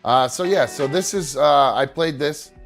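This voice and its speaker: A man's voice: fairly high pitch, measured pace, creaky, soft background music. A man hosting a casual podcast, rambling with lots of fillers and restarts, sentimental and muttering to himself as he fiddles with his setup. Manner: sentimental, gets choked up. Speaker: podcast host. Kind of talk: casual chat.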